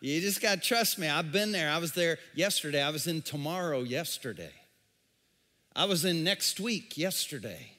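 A man's voice: fairly high pitch, expressive, moderate pace, pushed and bright. A man voicing God calling an old man to follow Him, urgent and stumbling over repeated words in a hall with long reverb. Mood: insistent.

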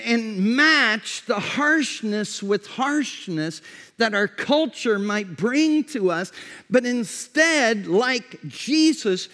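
A male pastor preaching a sermon with emphatic delivery, repeating key phrases and sinking to a quiet tone to stress a point. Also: extremely high pitch. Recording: long reverb of a large hall.

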